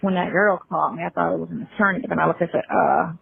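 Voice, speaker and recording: Woman, phone call, rambling, hesitant, fillers, gravelly voice, tinny phone line. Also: lowish voice, steady tone, rapid-fire, no room sound. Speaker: caller in a played live call.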